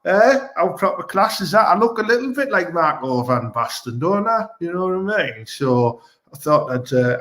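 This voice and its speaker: Teesside bloke, raised pitch, rambling and crude, hosts a live stream from home. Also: male voice, fairly bright tone. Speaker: host of a live online comedy show.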